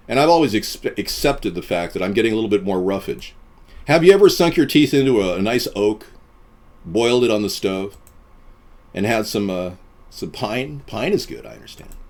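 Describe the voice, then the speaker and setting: A man hosting a live stream, chatting with viewers in a deadpan, boastful way and jumping from topic to topic. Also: on the low side.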